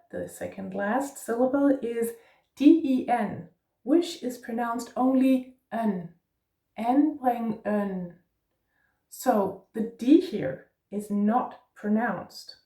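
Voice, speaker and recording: Slow-talking woman teaching pronunciation. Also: on the high side, creaky, mellow, reverberant, distant mic. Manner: patient, spells out letters, frequent "yeah?" checks. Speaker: Danish language teacher. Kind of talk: pronunciation lesson.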